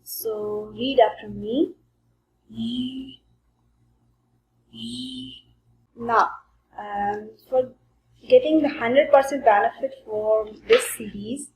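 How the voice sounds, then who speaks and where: A woman teaching a language lesson, slowly modelling sounds for learners to repeat. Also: fairly high pitch, a little mellow. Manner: slow and deliberate, modelling sounds for repetition. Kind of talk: slow spoken language lesson. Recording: echoey room with faint background noise.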